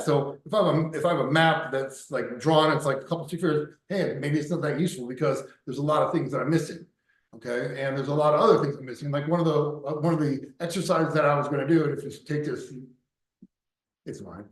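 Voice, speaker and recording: A man's voice: a little high, fast. A man in casual podcast conversation, telling stories in a rambling way, with many restarts and some swearing. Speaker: pickup coach and podcast guest. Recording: echoey room.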